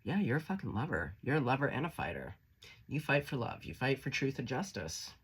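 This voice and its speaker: A man with a husky, lively voice gives a casual tarot reading. He talks in a chatty, encouraging way and swears freely as he lays out each card. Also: mid-range voice, a little fast. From Canada. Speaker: tarot reader.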